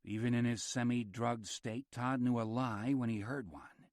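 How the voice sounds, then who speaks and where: A man narrating a horror audiobook in a measured, steady reading. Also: medium pitch, dry recording, clean studio sound. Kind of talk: scripted narration.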